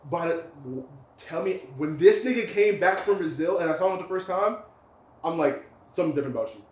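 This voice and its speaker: Young male co-host, high and slangy, off-mic in an echoey room. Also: moderate pace, recorded from a distance. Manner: laid-back slangy, heavy use of "like". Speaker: podcast co-host. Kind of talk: casual podcast chat.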